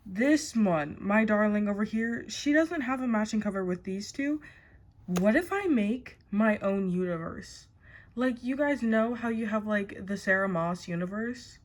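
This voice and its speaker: A woman's voice: medium pitch, lively intonation, measured pace. Chatty young woman vlogging. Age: young adult. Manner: chatty, thinking aloud with restarts. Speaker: author vlogger. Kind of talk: casual chat to camera.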